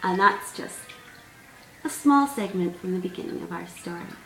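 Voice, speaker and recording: A woman author reading aloud from her own storybook in a gentle, measured way. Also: fairly low pitch, animated, creaky, a little hiss or hum. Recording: roomy sound, distant mic, faint music.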